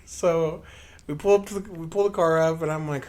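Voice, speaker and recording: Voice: medium pitch, fairly quick, a little mellow. Rambling, profane podcast storyteller. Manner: rambling, profane, full of fillers; acts out own past remarks in a livelier voice. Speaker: podcast co-host. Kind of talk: casual storytelling chat.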